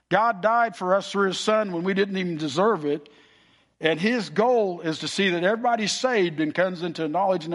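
A middle-aged man preaching with a bright, fairly high voice. He tells homely stories with many restarts and repeated words. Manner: folksy storytelling, repeats words. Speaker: pastor. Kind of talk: sermon.

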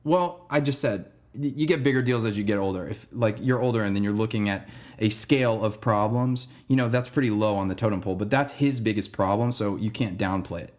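A man's voice: fairly low pitch, brisk, darkish tone. A young man hosting a podcast, telling a story in a rambling, laid-back way and saying "dude" and "man" a lot. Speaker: podcast host. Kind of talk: casual storytelling monologue.

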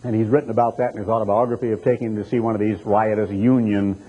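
Man, radio evangelist, broadcast sermon, emphatic rhetorical questions, husky, dull lo-fi recording. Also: fairly low pitch, flat delivery, quick pace.

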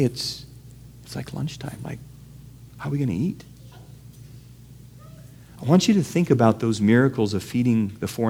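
A man preaching a sermon in a conversational way, asking his listeners questions and acting out the people in his stories. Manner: animated storytelling, acts out quoted voices with big pitch jumps; conversational, asks the audience questions. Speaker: pastor.

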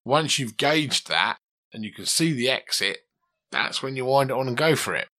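Bright, chatty guitar teacher. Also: male voice, medium pitch, lively intonation, normal speed. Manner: chatty, coaching, asks questions. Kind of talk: conversational one-to-one lesson.

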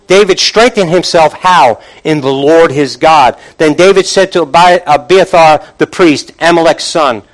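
A man preaching a sermon, emphatic and repetitive, often dropping to a low, quiet voice and calling out questions to the congregation. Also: unhurried, hardly any pauses, poor audio.

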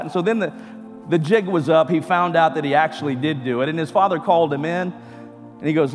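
A pastor preaching a sermon to a church congregation, with rising emphatic bursts. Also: male voice, fairly high pitch, fast. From California. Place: church sanctuary. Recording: church hall reverb with music.

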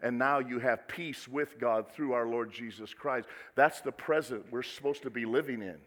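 A male pastor preaching a sermon, swinging from quiet asides to loud, dramatic exclamations. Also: medium pitch, normal speed. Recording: echoey hall with long reverb.

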